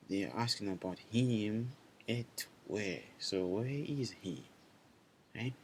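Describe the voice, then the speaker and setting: A man with a lowish voice teaches a small language class in a loose, chatty way. He restarts his sentences and keeps checking in with his students. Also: slow pace, slight background noise.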